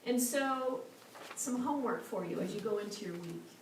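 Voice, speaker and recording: Woman minister, sermon with a story, fairly high voice, distant mic, echoey hall, faint hiss. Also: animated. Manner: soft, slow and meditative at moments.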